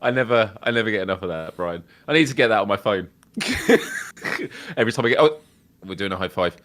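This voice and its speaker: A British man with a fairly low voice, co-hosting a gaming podcast in easygoing live banter. His jokes come out dry and wry. The recording is close and dry, with no room echo. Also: rapid-fire, a bit bright. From United Kingdom. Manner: wry, chatty, dry humor. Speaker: podcast co-host. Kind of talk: casual live-stream banter.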